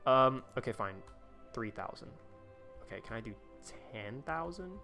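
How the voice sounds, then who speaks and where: A man's voice: mid-range voice, expressive, normal speed, music in the background. A young man live-streaming a game, chatting casually and rambling with lots of fillers and restarts. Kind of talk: casual gameplay commentary.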